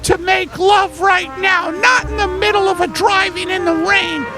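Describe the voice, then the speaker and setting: A man voicing a middle-aged wife who nags her husband in a high, whiny voice. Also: fairly even intonation, moderate pace, loud music behind the voice.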